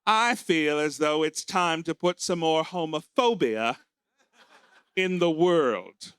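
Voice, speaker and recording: Taking it slowly, this American comedy host emcees a stand-up night at a small pub before a live audience. His voice is smooth and fairly bright, and he's camp and theatrical, diving into shrill character voices; the recording is dry and studio quality.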